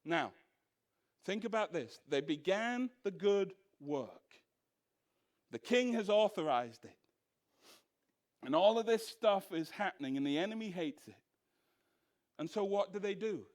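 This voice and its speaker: A pastor leads a church Bible study with a somewhat high male voice. He is animated and fires off rhetorical questions. He briefly acts out the voices of scoffers. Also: measured pace, pauses often.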